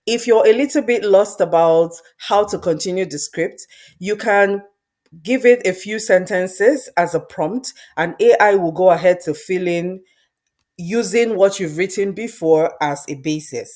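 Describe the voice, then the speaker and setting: Low-voiced woman talking through a software demo. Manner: conversational, thinks aloud with fillers and restarts. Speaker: presenter demonstrating software. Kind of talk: screen-recorded tutorial.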